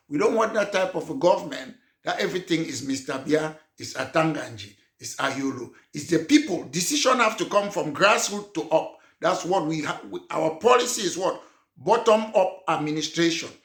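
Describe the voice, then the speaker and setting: A man's voice: fairly high pitch, fairly bright tone. A man from Cameroon, a political party leader giving an emphatic address to an audience and posing rhetorical questions. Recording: roomy echo.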